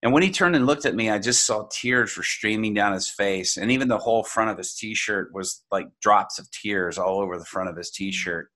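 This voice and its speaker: Man, lowish voice, conversational storytelling, rambling, lots of fillers. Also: moderate pace, few pauses, pushed and bright. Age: adult. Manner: rambling, many fillers and restarts. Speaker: guest sharing a personal faith story.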